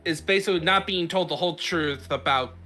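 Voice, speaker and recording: A man's voice: fairly high pitch, brisk, sharp tone, faint music behind. A man in casual podcast chat, recapping a game story in a rambling way with frequent fillers and restarts. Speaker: podcast host.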